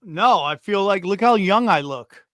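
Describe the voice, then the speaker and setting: A man's voice: high-pitched, lively intonation, unhurried, a bit bright, no echo. A man hosting a casual podcast, joking and teasing his co-host bluntly.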